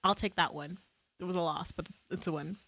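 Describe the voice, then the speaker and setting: A woman's voice: lowish voice, steady tone, a little fast, a bit bright, dry recording. Woman, streamer, casual live-stream chat, swears freely, self-mocking. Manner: swears freely and laughs at her own slips.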